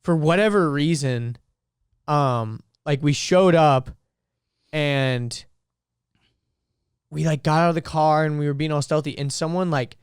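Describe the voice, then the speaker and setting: Smooth, slightly high male podcaster. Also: measured pace, long pauses, dry recording, clean studio sound. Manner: rambling, self-correcting storyteller. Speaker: podcast co-host. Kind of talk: casual chat.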